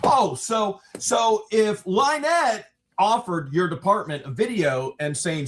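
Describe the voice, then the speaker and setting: Animated, higher-voiced male storyteller. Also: slow. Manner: animated storytelling, sarcastic asides. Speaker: livestream guest. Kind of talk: casual recap of a court hearing.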